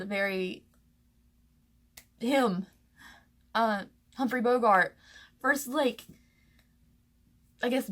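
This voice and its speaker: A young woman from the American South talks to camera about her past, her voice sitting a little high. She stays close to tears throughout, halting and restarting with plenty of fillers. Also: fairly bright tone. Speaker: vlogger. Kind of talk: personal storytelling to camera.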